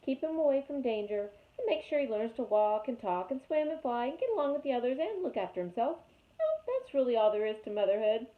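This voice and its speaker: A woman's voice: on the high side, big pitch swings, a little fast, voice pushed up. A woman voicing a fussy, bossy old female goose who scolds and squawks in a storybook reading. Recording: tinny phone-like sound.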